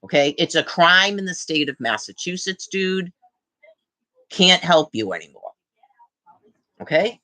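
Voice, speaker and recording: A woman's voice: on the low side, lively intonation, a little slow, pauses often, bright, forceful tone, no echo. A woman on a live stream, ranting angrily and swearing hard, tagging her accusations with "okay?". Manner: angry, profane, accusing; repeats "okay?" as a tag.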